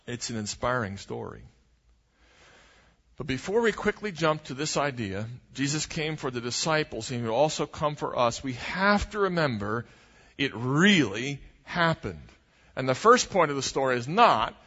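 Preaching man in a reverberant church. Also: dull audio. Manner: lively preaching, rising for emphasis and dropping low and slow on key points. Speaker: pastor. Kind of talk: sermon.

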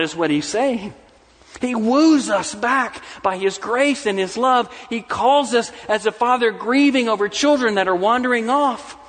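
A middle-aged man preaching a sermon as pastor, swinging from soft, low asides to rising, emphatic declarations. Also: measured pace, long reverb tail. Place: church sanctuary.

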